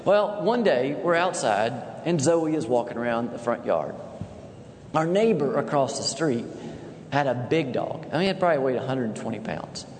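A man in his fifties preaching a sermon as a pastor, a folksy, animated storyteller. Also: mid-range voice, slight background noise. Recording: echoey hall with faint ambience.

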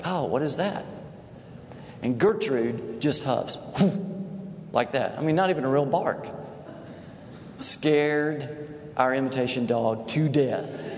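Folksy pastor preaching in an echoey hall. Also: male voice, fairly high pitch, a little hiss or hum. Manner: folksy, animated storyteller. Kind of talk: sermon with humorous storytelling. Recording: echoey hall with faint ambience.

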